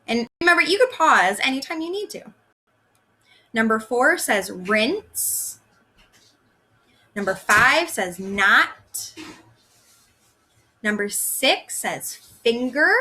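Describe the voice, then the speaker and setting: A woman teaching a recorded first grade phonics lesson, slowly sounding out words for young children. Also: on the high side, pushed and bright.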